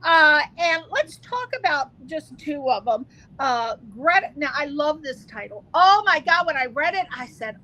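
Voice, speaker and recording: High, gushing woman radio host. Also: expressive, sharp tone, low-quality recording. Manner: gushing, exclamatory, halting with fillers. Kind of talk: interview chat.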